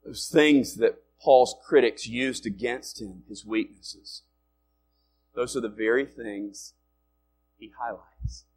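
A male pastor preaching a sermon in a conversational way, rising loud and dropping quiet to make his points. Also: mid-range voice, slow pace, a little hiss or hum. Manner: conversational preaching with wide swings in loudness.

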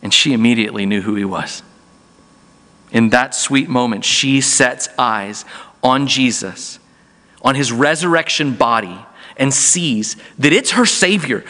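A man's voice: mid-range voice, sharp tone. A man preaching a sermon as pastor, earnest and often restarting words mid-phrase. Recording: echoey hall.

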